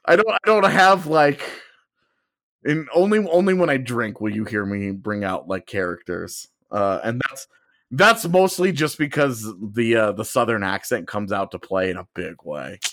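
A man's voice: medium pitch, moderate pace, no room sound. Podcast host man, casual chatty talk, restarts sentences, dry close sound. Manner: rambling, self-correcting, animated.

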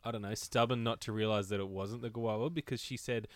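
Podcast co-host, man, lowish voice, dry close sound, deadpan jokes that trail off. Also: fast, few pauses, no room sound. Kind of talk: casual chat.

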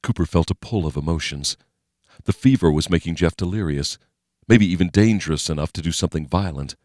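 A male narrator with a very deep voice, reading in a steady, measured way. He sits close to the mic in a dry, dead room. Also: no room sound. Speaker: audiobook narrator. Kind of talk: scripted narration.

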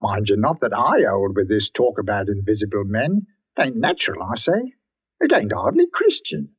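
An actor playing a nervous, deferential village greengrocer in a 1940s radio drama. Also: male voice, fairly low pitch, big pitch swings, moderate pace, husky, exaggerated voice. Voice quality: folksy, deferential, jumpy. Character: nervous working-class village greengrocer and sexton, middle-aged man. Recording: dull old radio broadcast.

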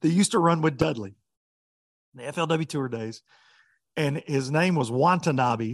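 A man, a professional bass angler, telling a story in casual chat with laughs along the way. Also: normal speed, no echo, studio quality.

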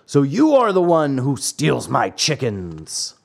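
A man doing a gruff angry farmer. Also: a little high, big pitch swings, unhurried. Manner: rough, scolding.

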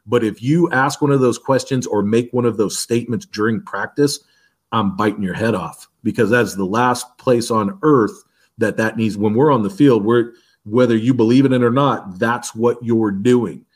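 A man who coaches a defensive line, telling practice stories in an interview and acting out the lines he shouts at players. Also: medium pitch, moderate pace. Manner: animated, acts out shouted quotes from practice. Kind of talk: interview storytelling.

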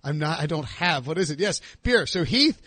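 A high-voiced man hosts a casual sports podcast, chatting and joking with plenty of fillers. His voice sits close and dry on the mic, with no room sound around it. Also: animated, normal speed, bright, forceful tone, dry recording. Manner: chatty, jokey, lots of fillers and restarts. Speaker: podcast host. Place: southern US.

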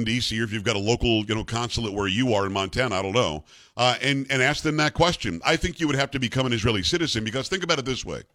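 A middle-aged man hosting a talk radio show, speaking in a brisk, emphatic, bantering way. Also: medium pitch, a bit bright.

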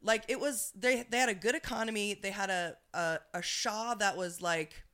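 A woman's voice: mid-range voice, moderate pace, a bit bright. A woman co-hosting a podcast, chatting casually about politics in a rambling, profane way with lots of restarts. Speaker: podcast co-host.

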